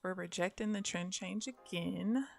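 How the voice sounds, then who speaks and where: A woman giving casual live commentary on her own day trading, thinking aloud and often dropping to soft mutters. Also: lowish voice, a little slow, vocal fry, faint music behind. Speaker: day trader streaming live.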